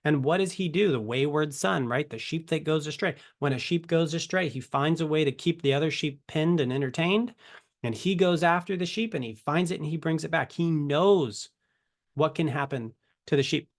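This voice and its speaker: A man's voice: a little high, moderate pace. A man giving a casual Bible teaching to camera, conversational and full of rhetorical questions. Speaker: ministry teacher.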